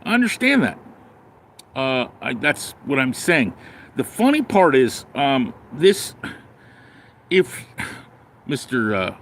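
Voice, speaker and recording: A man's voice: medium pitch, sing-song, takes it slowly, long pauses, a little hiss or hum. A man ranting bluntly and sarcastically in a casual livestream, then rambling through viewer comments. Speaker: live streamer reading comments.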